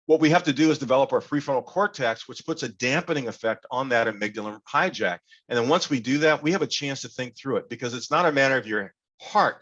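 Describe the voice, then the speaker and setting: Male workshop speaker on a video call, animated and engaging, medium voice, slightly muffled audio. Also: medium pitch, fast talker, few pauses. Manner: animated, engaging, leads audience call-and-response. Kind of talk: interactive online workshop talk.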